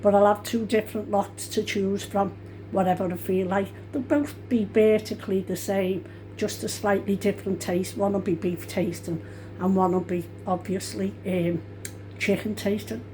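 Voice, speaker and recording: Older scouse nan chatting away while she cooks, mid pitch, keeps correcting herself, phone mic in the kitchen with a bit of hiss. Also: level tone, normal speed, mellow. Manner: chatty, rambling, self-correcting. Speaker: home cook, grandmother. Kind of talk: casual cooking vlog. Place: home kitchen.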